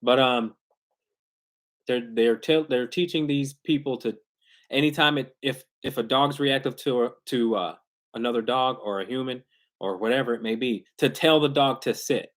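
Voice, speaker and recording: A man's voice: medium pitch, normal speed, a bit bright. A man who trains dogs, talking loosely and casually in a live question-and-answer stream, full of slang and restarts. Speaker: dog trainer hosting a live Q&A. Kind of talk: casual livestream talk. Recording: glitchy internet livestream.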